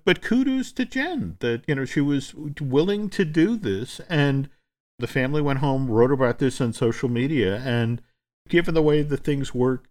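A man co-hosting a chat show, telling a story at length in a halting, conversational way with many restarts. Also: mid-range voice, animated, darkish tone. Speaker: podcast co-host. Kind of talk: casual chat.

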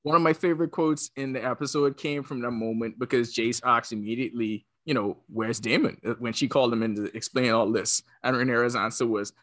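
A man's voice: mid-range voice, steady tone, a little fast, hardly any pauses, fairly bright tone. A man chatting casually on a podcast, wry and laid-back as he tells a story. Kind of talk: casual chat.

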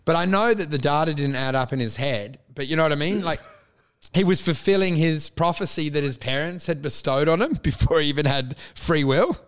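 A man's voice: fairly high pitch, fairly quick, clear, resonant tone. A man, rambling and swearing as he tells stories in casual banter. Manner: rambling storyteller, swearing, laughing.

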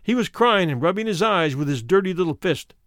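A man giving a measured, somber first-person reading of a memoir. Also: high-pitched, expressive, a bit bright, no room sound, clean studio sound. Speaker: narrator.

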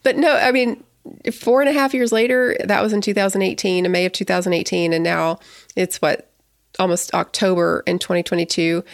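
Chatty, excitable woman podcast host. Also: fairly low pitch, a little fast, gravelly, no echo, studio quality. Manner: chatty, excitable, rambling with restarts. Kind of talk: casual podcast chat.

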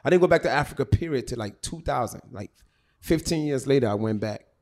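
Speaking fast in a medium-pitched voice, this middle-aged comedian from Ghana is a guest in a casual chat. He tells animated stories full of jokes and profanity.

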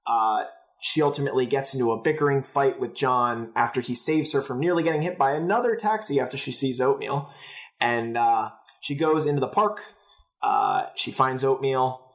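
A man's voice: mid-range voice, moderate pace. A young man co-hosting a podcast, steadily narrating a show's plot in casual chat. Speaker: podcast co-host.

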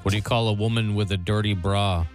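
Deadpan man telling stories on radio. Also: fairly low pitch, fast, soft background music. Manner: deadpan storytelling, reads jokes flatly. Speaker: radio co-host. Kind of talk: casual radio banter.

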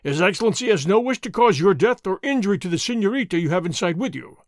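A blustering army sergeant from an old adventure story, loud and commanding, as a man reads him aloud. The voice is a bit raised and forceful. It is recorded close and dry. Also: high voice, expressive, quick pace, no echo.

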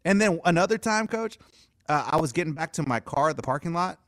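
Animated man telling stories with lively pitch. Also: fast talker, dry recording, studio quality. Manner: animated storyteller, acts out quotes, laughs often. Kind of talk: casual storytelling chat.

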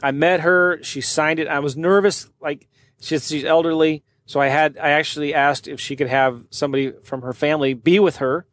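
A man with a voice pitched a little higher than most tells a story in a casual monologue. He is animated and slips into quoted voices for the people in his tale. He speaks as a real estate wholesaler and podcast host. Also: normal speed, no echo.

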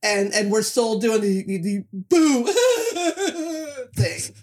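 A woman's voice: on the high side, drawn-out words, a little mellow. Dry-humored woman in her forties. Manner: dry, wry, with many hesitations. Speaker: podcast co-host. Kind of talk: casual movie-review chat.

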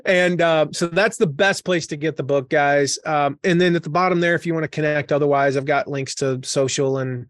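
A man speaking as an author guest on a podcast, relaxed and chatty, chuckling and using lots of fillers. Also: on the high side, normal speed, few pauses, no echo, studio quality. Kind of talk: casual conversational interview.

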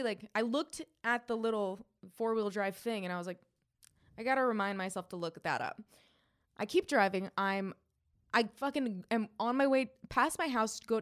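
A young woman co-hosting a podcast, telling a long story in a casual, animated way, swearing often and acting out what people said. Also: medium pitch. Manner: animated, profane storytelling with quoted voices. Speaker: podcast co-host.

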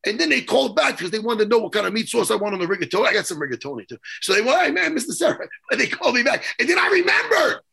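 A man's voice: high voice, big pitch swings, very fast, gravelly, few pauses, bright, forceful tone, breathy edge. A middle-aged man, hosting a podcast, rambling and swearing as he tells stories. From New York. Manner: profane, rambling storyteller. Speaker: podcast host. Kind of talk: casual chat.

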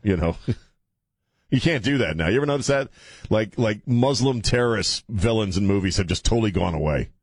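A middle-aged male radio host with a lowish voice, riffing in loose, provocative banter and breaking into laughter often. The sound is dry and close, with no room around it. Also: animated, moderate pace, husky, dry recording. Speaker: radio talk show host.

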